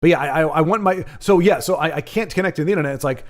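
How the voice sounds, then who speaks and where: A man's voice: on the high side, rapid-fire, hardly any pauses. Rambling, ranting male stream host. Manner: rambling, ranting, animated asides to chat. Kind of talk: casual livestream chat and game commentary.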